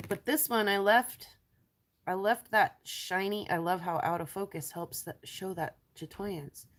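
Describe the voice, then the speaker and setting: A woman with a stuffy nose and a raspy voice from allergies, chatting casually on a live stream as she shows rocks and trails off with ums. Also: mid-range voice, steady tone, measured pace. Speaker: lapidary showing rocks to viewers.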